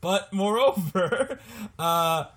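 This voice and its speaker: A young man co-hosts a casual podcast, his voice sitting a little high for a man. He jokes and laughs often, bouncing through the chat with animated energy. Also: extremely slow. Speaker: podcast co-host.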